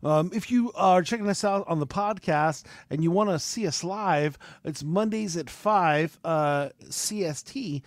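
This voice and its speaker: A man's voice: a little high, no room sound. A man hosting a comedy podcast, improvising loose, rambling freestyle raps and chatting. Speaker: podcast host. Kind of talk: improvised freestyle rap and chat.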